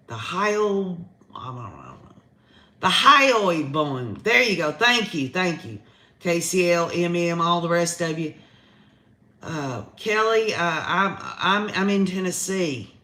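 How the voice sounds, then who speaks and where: A woman with a Southern American accent hosts a casual livestream, talking directly to her viewers in live commentary. Her voice is on the low side, bright and forceful, with big pitch swings and a measured pace.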